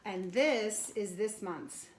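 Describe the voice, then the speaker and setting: A woman casually unboxing a craft kit for her channel, bubbly and excited as she shows each piece. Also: medium pitch, slow pace. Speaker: craft vlogger. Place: home craft studio. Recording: echoey room, faint noise.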